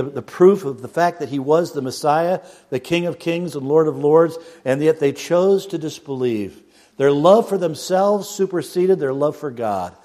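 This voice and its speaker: A man preaching a sermon, dropping to near a hush and then rising loud. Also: fairly high pitch. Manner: dramatic swings from hushed to loud, mocks a pompous prayer voice.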